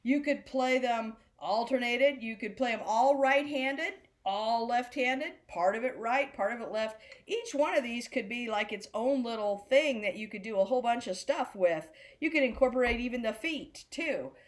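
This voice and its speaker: A woman's voice: on the high side, moderate pace, few pauses. A middle-aged woman teaching a beginner drum class, chanting rhythm patterns aloud with food words. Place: senior center class room.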